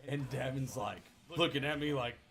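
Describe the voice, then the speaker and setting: A man in his thirties hosting a livestream, telling a story in a loose, profane, animated way. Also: mid-range voice, normal speed, gravelly. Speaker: livestream host. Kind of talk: casual storytelling to a live chat.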